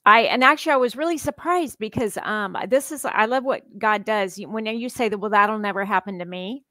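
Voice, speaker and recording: Earnest, animated woman podcast guest. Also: medium pitch, fairly quick, no room sound. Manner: animated, laughs often, earnest storytelling. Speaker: podcast guest, psychologist and author. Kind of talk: casual conversational interview.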